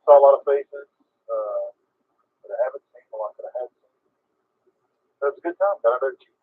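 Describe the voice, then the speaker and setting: Husky guy calling into a ham net, offhand and matter-of-fact, thin tinny radio sound. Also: medium pitch, animated, a little fast. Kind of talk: casual radio chat. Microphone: radio transceiver mic. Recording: thin phone-like radio transmission.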